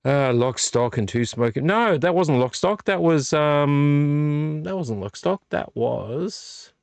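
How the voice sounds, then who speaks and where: A man's voice: fairly high pitch, lively intonation, slow, vocal fry, a little mellow, dry recording. Tipsy rambling man on a live stream. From Australia. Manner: rambling, digressive, talking to chat. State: tipsy from drinking. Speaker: vlog host. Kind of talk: live late-night chat stream.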